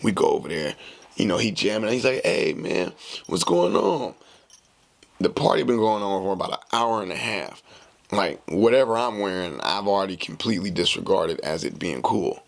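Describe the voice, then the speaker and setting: A man hosting a podcast, telling a casual story in a slangy, animated way and acting out the dialogue. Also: low-pitched, moderate pace, gravelly. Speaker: podcast host.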